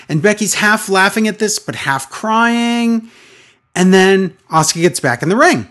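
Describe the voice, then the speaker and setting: A man co-hosting a podcast, chatting casually and retelling scenes with excitable voice changes. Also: high-pitched, normal speed. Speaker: podcast co-host. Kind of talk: casual podcast chat recapping wrestling.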